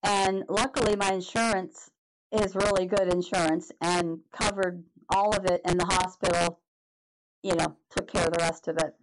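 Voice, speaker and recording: A middle-aged woman, a podcast guest, telling a personal story in an animated way, with halting restarts and acted-out reactions. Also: lowish voice, rough recording. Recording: noticeable background noise.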